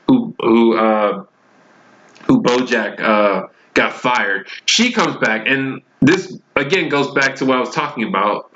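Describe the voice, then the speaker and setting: A man's voice: mid-range voice, bright, forceful tone, dull audio. A man giving a casual, enthusiastic review of a show, rambling with frequent restarts.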